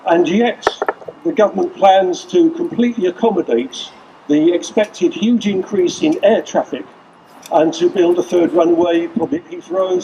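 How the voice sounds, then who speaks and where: A man's voice: on the high side, dark tone, dull audio, slight background noise. A man giving an earnest, rallying speech at an outdoor street protest, using repeated lists. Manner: earnest, rallying, with list-like repetition. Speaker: rally speaker. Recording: distant voice with faint outdoor ambience.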